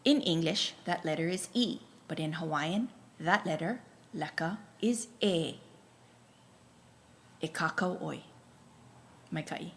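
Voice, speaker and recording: A woman with a deep, fairly bright voice teaches Hawaiian pronunciation slowly, leaving long pauses. She carefully spells out each letter and has learners write it down in this deliberate language lesson.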